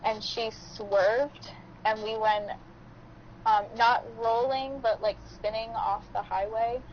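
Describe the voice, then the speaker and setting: A woman's voice: a little high, steady tone, slow pace, slight background noise. A woman co-hosting a podcast, telling a story in a chatty way, heavy on "like". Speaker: podcast co-host. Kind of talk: casual storytelling chat. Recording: dull lo-fi podcast audio.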